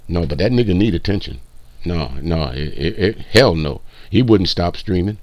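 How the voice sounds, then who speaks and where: Low-voiced man in a profane mocking rant. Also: animated, normal speed, no echo. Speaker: stream commentator. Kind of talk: reaction commentary.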